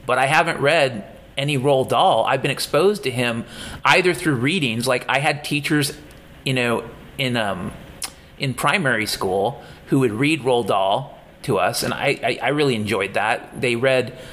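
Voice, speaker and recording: A man in casual conversation, thinking aloud with frequent pauses and restarts. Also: medium pitch, a bit bright. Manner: hesitant, many restarts and fillers. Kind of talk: casual chat.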